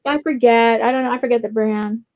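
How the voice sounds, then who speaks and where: A high-voiced woman hosts a casual live stream, jumping in eagerly with questions. Her sound is dull and lo-fi. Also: fairly even intonation, fairly quick, darkish tone.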